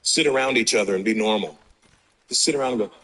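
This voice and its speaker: A man's voice: lowish voice, fast, fairly bright tone, slight background noise, rough recording. A man doing a stand-up comedy set in front of a live audience, telling a brash, profane story full of acted-out dialogue.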